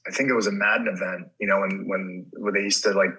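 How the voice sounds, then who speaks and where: A man's voice: low voice, steady tone, fast, sharp tone, low-quality recording. A middle-aged man, a guest actor in casual chat, telling profane stories and acting out the people he quotes. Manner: swearing storyteller who acts out quoted people.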